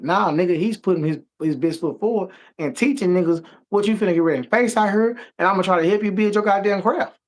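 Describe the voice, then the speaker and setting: A man co-hosting a casual talk show, ranting emphatically and swearing a lot. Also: high-pitched. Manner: emphatic, profane, animated ranting. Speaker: podcast co-host. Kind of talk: heated casual discussion.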